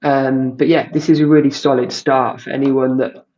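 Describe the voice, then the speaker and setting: A man casually walking through a tech demo, halting with many ums and restarts. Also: mid-range voice, flat delivery, darkish tone, muffled recording. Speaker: tech creator. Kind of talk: casual screen-share walkthrough.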